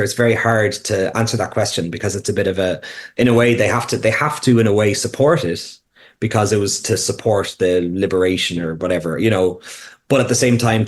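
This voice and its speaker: A man speaking as a podcast guest, explaining casually while thinking aloud, with frequent restarts and fillers. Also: on the low side.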